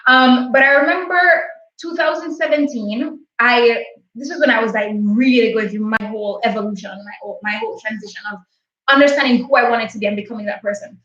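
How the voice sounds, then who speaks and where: A woman's voice: a little high, brisk, fairly bright tone. A woman in her late twenties hosting a livestream, telling a personal story in a candid, heartfelt, chatty way. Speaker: livestream host. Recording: echoey, distant and muffled.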